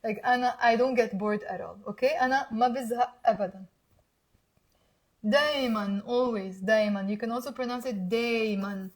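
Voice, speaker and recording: Lebanese woman teaching Arabic phrases. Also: fairly high pitch. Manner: patient, repeats words slowly for learners. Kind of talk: language lesson.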